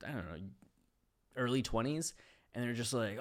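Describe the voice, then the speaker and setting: A man hosting a casual monologue about a book, telling animated stories and laughing often, turning slower and reflective on the ideas. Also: medium pitch. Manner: animated storyteller, laughs often mid-sentence. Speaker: host.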